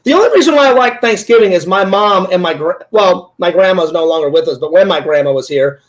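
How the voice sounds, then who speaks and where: A man's voice: high-pitched, expressive, fairly quick. A talkative man interviewing a fellow streamer in casual chat, rambling through stories with many "like"s and "he goes"s.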